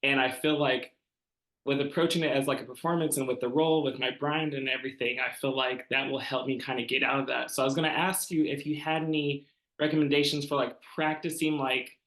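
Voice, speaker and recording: Halting young-sounding man in an echoey room. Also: mid-range voice, level tone, a bit bright. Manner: halting, filler-heavy, says "like" constantly. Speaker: actor asking questions. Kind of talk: casual questions in an online seminar.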